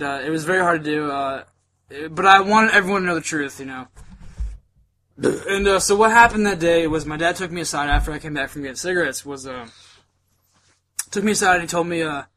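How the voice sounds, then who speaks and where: Bright-voiced young man telling an emotional story. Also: fairly high pitch. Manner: earnest, halting, many fillers. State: emotional, holding back tears. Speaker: podcast host. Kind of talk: casual chat.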